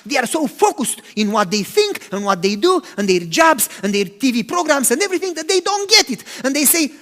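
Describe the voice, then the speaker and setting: A man preaching a sermon as pastor, animated, swinging from loud to hushed. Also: very high-pitched, a little fast. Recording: long hall reverb.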